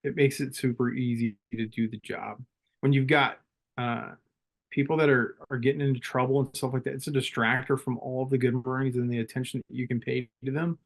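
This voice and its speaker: A middle-aged man, a former Marine leader, telling stories in a calm and reflective way as a podcast guest. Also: mid-range voice, fairly quick, creaky. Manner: calm, reflective, laughs easily. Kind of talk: casual interview storytelling.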